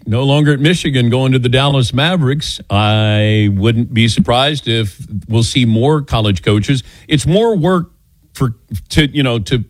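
A man's voice: medium pitch, no room sound. A man hosting a sports radio show, talking in an easygoing, teasing and chatty way. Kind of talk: casual radio talk.

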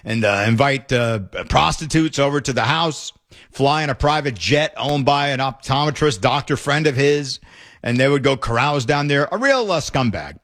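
A man hosting casual political commentary, emphatic and excited as he reacts to clips. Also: mid-range voice, normal speed. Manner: emphatic, excited, fond remarks.

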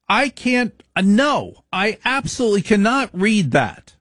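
A man's voice: high voice, very animated, unhurried, a bit bright, no echo, studio quality, voice pushed up, heavily acted. A man voicing his elderly German-born grandmother, who insists with indignant, emphatic denials.

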